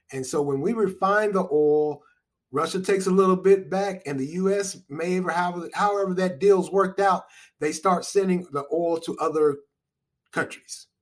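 A man giving solo spoken commentary in a conversational, rambling way, with restarts and wry chuckles. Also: on the high side.

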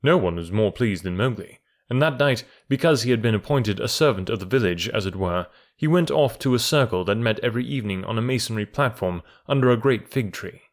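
A man reading a classic storybook aloud in a calm, measured way. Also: fairly low pitch. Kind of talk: storybook narration.

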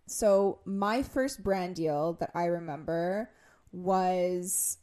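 A woman's voice: lowish voice, extremely slow, dark tone. A woman in her twenties co-hosting a podcast, telling stories in casual chat and full of "like". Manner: chatty storytelling, heavy use of "like"; acts out quotes in raised voices. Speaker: podcast co-host.

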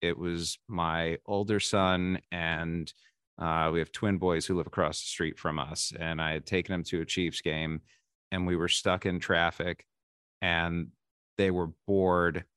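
A man in his forties with a low voice, speaking as a podcast guest in a dry room with little reverb. He tells candid, self-deprecating stories and often stops and restarts his sentences. The talk is loose and conversational. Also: level tone, measured pace, a bit bright, clean tone. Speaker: podcast guest, baseball insider. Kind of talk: casual interview storytelling.

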